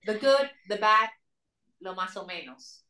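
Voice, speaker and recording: A woman's voice: mid-range voice, animated, measured pace, pushed and bright. A woman with a Dominican Spanish accent, telling a story earnestly as an interview guest. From Dominican Republic. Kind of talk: casual interview conversation. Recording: roomy sound, distant mic.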